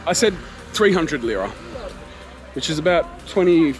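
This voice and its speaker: A man's voice: on the high side, normal speed, over loud music. A man, a travel vlogger animatedly retelling a frustrating encounter to camera. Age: 30s. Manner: animated, exasperated retelling with quoted exchanges. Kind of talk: casual storytelling to camera. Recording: faint street noise behind.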